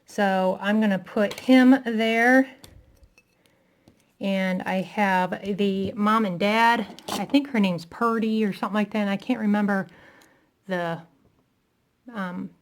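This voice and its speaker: A woman with a gravelly, creaky voice walks slowly through a crafting tutorial, narrating as she works. She is a little out of breath, chatty and self-deprecating, with an unhurried pace. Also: mid-range voice, steady tone. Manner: chatty, self-deprecating, talking while working.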